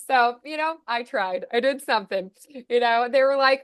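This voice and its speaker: A woman's voice: on the high side, brisk, a bit bright, clean tone, no room sound, studio quality. An American woman coaching voiceover in a casual chat, telling stories and acting out the voices of people she quotes. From United States. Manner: chatty storyteller, acts out quoted voices.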